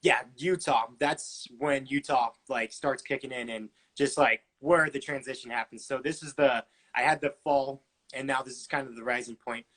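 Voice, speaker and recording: A man's voice: medium pitch, steady tone, normal speed, a bit bright. A man in his twenties, a podcast guest, telling his story casually with lots of fillers and acted-out dialogue. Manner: chatty, many fillers, acts out dialogue.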